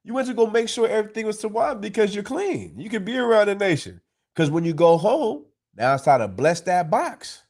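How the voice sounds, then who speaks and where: Speaking briskly in a high-pitched voice, a man leads a scripture class with streetwise flair. He's animated, curses, and keeps checking with "you understand?"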